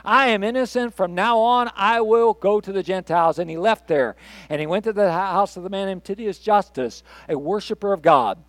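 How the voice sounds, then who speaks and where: An older man preaching a recorded sermon in a fairly high voice. He talks conversationally, pushing some lines out loud and dropping others to quiet asides. The sound is dry and close, with no room echo. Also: a little fast. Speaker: pastor.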